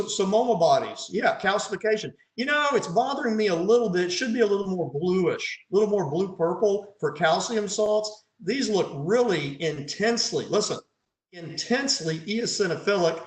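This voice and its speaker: A man's voice: high-pitched, expressive, moderate pace. A man, a pathologist, leads an online case conference over slides, quizzing his audience and adding dry, sarcastic asides. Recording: roomy echo.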